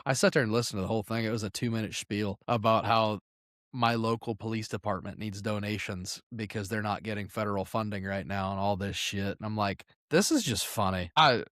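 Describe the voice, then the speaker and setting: A man's voice: fairly low pitch, normal speed, fairly bright tone, dry recording, studio quality. A man co-hosting a podcast, telling stories with crude jokes. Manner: crude, joking banter. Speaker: podcast co-host. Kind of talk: casual chat.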